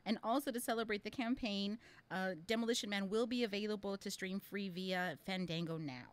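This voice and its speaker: A woman co-hosting a podcast in casual chat, playful and quick to laugh while sharing news. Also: medium pitch, smooth. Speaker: podcast co-host.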